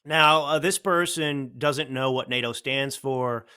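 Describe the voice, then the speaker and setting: A man's voice: mid-range voice, measured pace, sharp tone, clean tone. Blunt, combative male talk host. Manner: blunt, combative, rhetorical questions. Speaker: show host. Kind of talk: political commentary talk.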